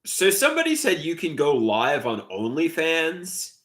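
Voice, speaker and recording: Rambling Long Island man on a livestream. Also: a little slow. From Long Island, New York. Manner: rambling, hesitant, lively pitch. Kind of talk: casual live stream chat, reading comments.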